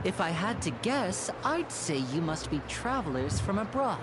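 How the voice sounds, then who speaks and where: A man's voice: high voice, very animated, moderate pace, a bit bright. A woman voicing a charming young man in a video game, courteous and a little theatrical. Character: charming young male stage magician, polite and smooth.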